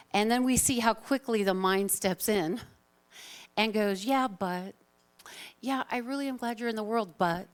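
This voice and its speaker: A woman minister giving a live Sunday talk to her congregation in a chatty, informal, self-deprecating way. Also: mid-range voice. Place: spiritual center sanctuary, live congregation.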